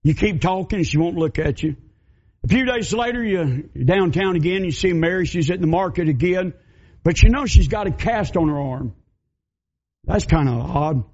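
A man preaching a sermon in a high voice. He tells stories in a folksy way and builds to fiery warnings. The recording is dull and lo-fi. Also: lively intonation, moderate pace. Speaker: pastor.

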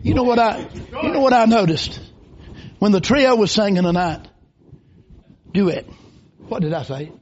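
Preacher guy, super high voice, folksy then yelling, muffled lo-fi church recording. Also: animated, unhurried, long pauses. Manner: folksy, rising into shouted bursts. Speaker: visiting preacher. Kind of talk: revival sermon. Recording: dull lo-fi recording.

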